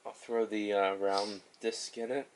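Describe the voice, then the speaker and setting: Brief: male tabletop player, casual, lowish voice. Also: little pitch movement, a little slow, slight background noise.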